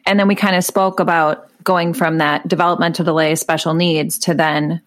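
A woman's voice: lowish voice, little pitch movement, normal speed. A woman co-hosting a podcast for moms, asking curious follow-up questions in a casual chat. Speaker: podcast co-host, mother.

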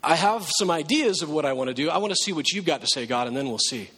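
A pastor preaching a sermon in a relaxed, conversational way, now and then acting out pleading prayers. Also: male voice, fairly high pitch, quick pace, breathy edge, in a large hall.

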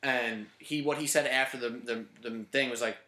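A man's voice: medium pitch, steady tone, normal speed, sharp tone. A man hosting a podcast in casual chat, joking and emphatic with firm opinions. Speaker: podcast host. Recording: echoey room.

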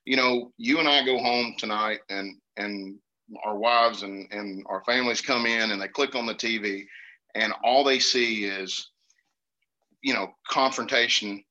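A man from Georgia with a Southern accent, telling hunting stories in an earnest, animated way in casual conversation. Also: fairly low pitch, unhurried. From Georgia, USA. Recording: dull lo-fi sound.

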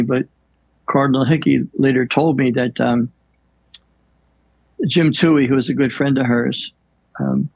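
Older male priest, gravelly and husky, unhurried reflective storyteller in a dry studio. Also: mid-range voice, no room sound, poor audio. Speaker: priest guest. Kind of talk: storytelling in an interview.

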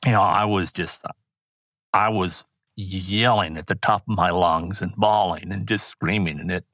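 A man's voice: low-pitched, fairly even intonation, a little slow, a bit bright, no room sound, studio quality. An older man, a rodeo announcer, earnestly telling personal stories in an interview with many restarts. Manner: earnest, rambling anecdotes with restarts.

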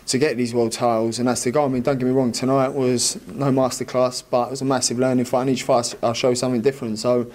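Jeune boxeur britannique décontracté. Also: male voice, mid-range voice, level tone, fast talker, few pauses, a little mellow. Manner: casual, laughs often, dismissive. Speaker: boxer. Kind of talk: post-fight interview.

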